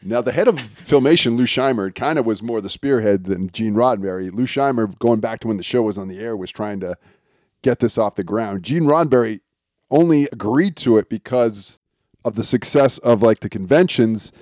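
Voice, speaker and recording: A man co-hosting a casual podcast, relaxed as he shares trivia with small chuckles. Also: fairly low pitch, normal speed, dry recording, clean studio sound. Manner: relaxed storytelling of show trivia, chuckles often. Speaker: podcast co-host.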